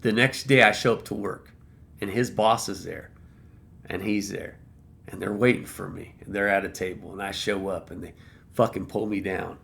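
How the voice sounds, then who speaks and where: A man with a gravelly, creaky edge to his voice tells a story from an old job as a casual rant. He is blunt and swears freely, and he circles back over the same phrases to hammer home his point. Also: low voice, fairly even intonation, normal speed, fairly bright tone. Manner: blunt, profane, repeats phrases for emphasis. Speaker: vlogger telling a work story.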